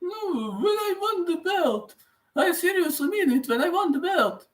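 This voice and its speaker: A man putting on a high, squeaky voice to mock a boastful male fighting champion who keeps repeating himself. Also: lively intonation, a little slow, fairly bright tone, exaggerated voice.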